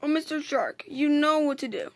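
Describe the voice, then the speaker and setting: A woman voicing a male wolf who leads a gang, reading haltingly in a high voice. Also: slight background noise. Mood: leading, suspicious. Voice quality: read aloud haltingly.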